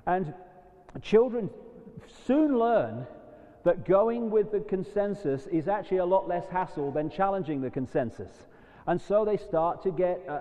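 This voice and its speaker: A man giving a rambling, impassioned live lecture to an audience. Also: on the high side. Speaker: public speaker. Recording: dull lo-fi recording in a long-reverb hall.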